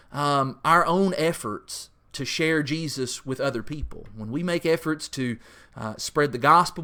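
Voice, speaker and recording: A man leads a church Bible study in a loose, conversational teaching voice that sits slightly high. He fills his talk with little fillers and acts out quotes in pleading, higher voices. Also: fairly bright tone. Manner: rises sharply in pitch when mimicking pleading voices.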